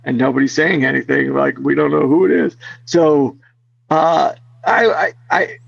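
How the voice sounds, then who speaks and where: A man interviewed as a guest tells restless, rambling stories in casual chat, using lots of fillers. His voice is on the high side, steady, a little slow, gravelly, with a breathy edge. The dry recording sounds dull and lo-fi.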